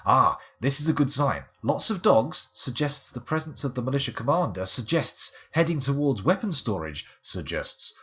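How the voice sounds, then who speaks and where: A man's voice: medium pitch, big pitch swings, moderate pace, hardly any pauses, fairly bright tone, husky. A man streaming live game commentary, with wry, rambling, self-mocking asides.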